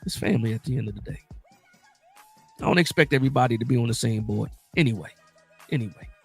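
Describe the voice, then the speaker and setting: A man hosting a casual live sports talk stream, animated and emphatic, often repeating himself for emphasis. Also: medium pitch, quick pace, vocal fry, breathy edge, faint music behind.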